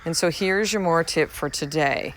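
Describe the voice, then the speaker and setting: Her voice is low-pitched and her pace moderate as she hosts a casual motivational podcast from home. The woman, in her thirties, uses a podcast mic, talks frankly, swears casually and repeats herself to drive points home.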